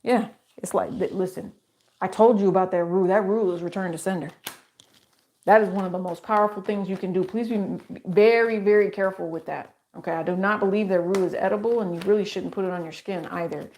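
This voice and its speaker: A woman's voice: mid-range voice, steady tone, a little fast, a little mellow. Chatty, emphatic woman giving a tarot reading. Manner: chatty and emphatic, repeats phrases and asks rhetorical questions. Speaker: tarot reader. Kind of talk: solo tarot reading to camera.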